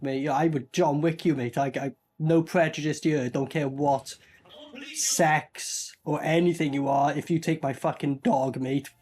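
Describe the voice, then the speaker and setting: A man's voice: fairly high pitch, a little mellow. A man giving a rambling, sweary commentary as he reviews a movie. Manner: sweary, rambling, puts on silly voices. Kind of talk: casual reaction commentary.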